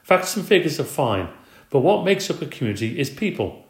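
Guy doing a spirited old grandma telling stories, pitched way up, roomy echo. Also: fairly quick. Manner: lively, emphatic, reminiscing. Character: chatty elderly woman, grandmother, spirited storyteller.

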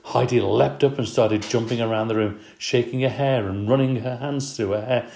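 A man reading a children's story aloud as narrator, lively and expressive. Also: mid-range voice, moderate pace, vocal fry, few pauses, reverberant.

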